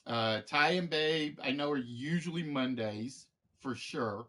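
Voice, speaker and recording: A man's voice: mid-range voice, a little slow, sharp tone. A man hosting a live game show stream, chatting casually with viewers in a rambling way, full of fillers and restarts.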